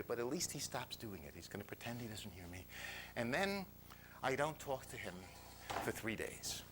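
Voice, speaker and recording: An older man telling a personal story to an audience. He is animated and self-mocking, and he drops into whispers for quoted lines. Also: medium pitch, slight background noise.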